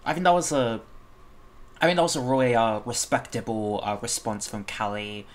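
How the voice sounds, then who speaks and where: A man's voice: mid-range voice, lively intonation, moderate pace. A man hosting a reaction video, talking casually and rambling with many fillers and restarts.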